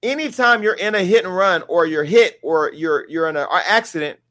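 A man's voice: sits high, expressive, normal speed, pushed and bright. Brash comedic gossip host, man. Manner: brash, candid, comedic storytelling. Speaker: talk show host. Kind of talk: gossip commentary.

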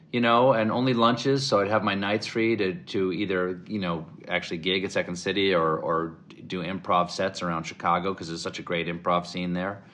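A middle-aged man from the American South, a guest in an interview, telling animated stories and acting out the voices he quotes. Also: low voice. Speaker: interview guest, comedic actor. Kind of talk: casual interview storytelling.

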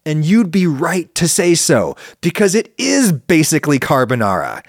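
A man hosting a podcast, making his case to listeners in an animated, argumentative monologue. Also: moderate pace, dry recording, studio quality. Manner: animated, argumentative, swings pitch for emphasis. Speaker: podcast host answering listener questions. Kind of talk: casual spoken monologue.

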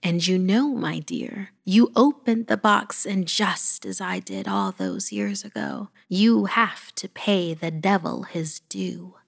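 A woman voicing a stern but loving old grandmother who speaks slowly and in a half whisper. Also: medium pitch, big pitch swings, gravelly, heavily acted. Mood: solemn. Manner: hushed, half-whispered, slow and solemn. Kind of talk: horror story reading.

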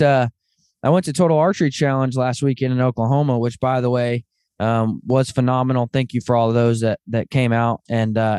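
A man's voice: mid-range voice, clear, resonant tone, no echo. Dry-sounding male podcast host, storytelling. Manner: animated storyteller, calls people "man". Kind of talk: casual chat.

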